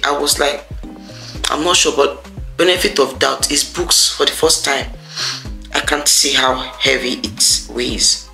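A woman's voice: a bass voice, gravelly, pushed and bright, rough recording. Irritated Nigerian woman ranting. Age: young adult. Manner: irritated, ranting, repeats herself. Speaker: vlogger, medical graduate. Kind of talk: casual vlog rant. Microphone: camera mic.

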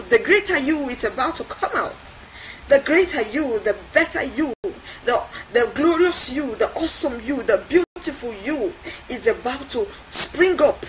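High-voiced woman giving an emphatic motivational talk. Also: expressive, normal speed, a little hiss or hum, poor audio. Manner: emphatic, repetitive, preacher-like build-ups. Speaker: motivational speaker.

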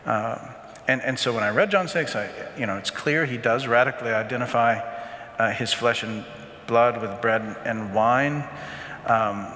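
Brief: earnest male parish teacher, bright forceful voice, halting repeats, long hall reverb. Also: medium pitch, slight background noise. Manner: earnest, repeats words often, asks "right?". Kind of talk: adult faith formation talk. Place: church hall.

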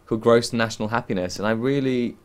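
A man's voice: mid-range voice, fast. A young man guesting on a talk show, chatting enthusiastically with plenty of ums and restarts. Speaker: guest actor. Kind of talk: casual interview chat.

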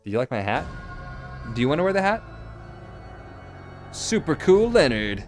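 A man's voice: a little high, very animated, normal speed, long pauses, soft background music. A man giving casual, chatty commentary while streaming a game and answering his chat.

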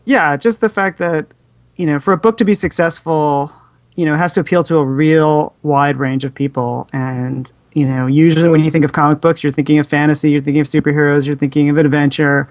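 Male remote guest, higher pitch, earnest filler-heavy talker, dry sound. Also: fairly even intonation, brisk, no echo. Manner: earnest, with many "you know" fillers. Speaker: guest cartoonist. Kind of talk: casual chat. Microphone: calling in over the internet.

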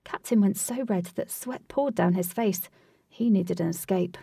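A woman reading a storybook aloud as scripted narration, with a steady, even delivery. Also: medium pitch, unhurried, vocal fry, slightly rough, no room sound, far from the mic. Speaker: audiobook reader. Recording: dry, voice set back from mic.

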